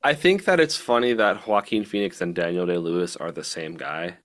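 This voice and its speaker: A man's voice: deep voice, a little fast, fairly bright tone. A man musician guesting on a podcast, wry and jokey, spinning playful speculation. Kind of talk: casual chat.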